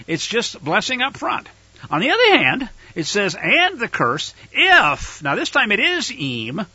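A man's voice: high voice, bright, forceful tone, slightly rough, no room sound, dull audio. A man teaching a scripture study, reading verses aloud and explaining them, leaning hard on key words with growing emphasis. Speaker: Bible teacher.

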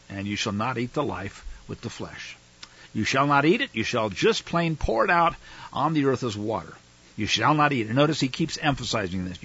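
A male Bible teacher reads passages aloud and breaks in with emphatic, fiery commentary. His husky voice swings widely in pitch. The sound is dry and a little dull, like a lo-fi recording. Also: a bit bright. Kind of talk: scripture reading with commentary.

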